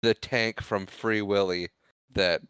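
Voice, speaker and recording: Man with a bright, smooth voice. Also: fairly low pitch, dry recording. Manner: relaxed, chiming in with quick reactions. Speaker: podcast co-host. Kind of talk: casual movie chat.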